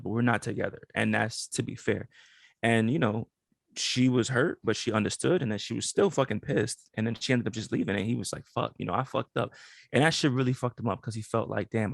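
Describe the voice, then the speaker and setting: Brief: young man, gravelly mid voice, laid-back podcast storyteller, dry close sound. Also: lowish voice, dry recording. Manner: relaxed storyteller, swears casually. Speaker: podcast co-host. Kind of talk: casual storytelling.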